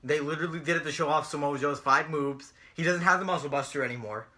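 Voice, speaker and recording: A man's voice: a little high, quick pace, sharp tone. A young man co-hosting a casual chat show, ranting and mocking with lots of swearing. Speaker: podcast co-host.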